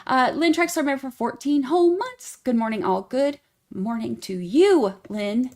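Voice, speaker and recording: A woman's voice: fairly high pitch, moderate pace, vocal fry, a little mellow. Chatty woman livestream host. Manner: chatty, rambling, frequent fillers and restarts; greets viewers by name in a rising, singsong tone. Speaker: true crime livestream host. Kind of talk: casual live chat, greeting members.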